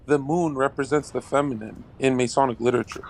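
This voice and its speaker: A man's voice: mid-range voice, steady tone, fairly quick, slight background noise. A man calling in to a casual chat, provocative and crude, laughing at his own bits. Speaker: caller.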